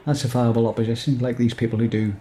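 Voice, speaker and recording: A man's voice: mid-range voice, steady tone, fast, dark tone. A man co-hosting a comic story podcast, joking and chuckling in casual chat. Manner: jokey, chuckling, rambling. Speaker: co-host and character reader.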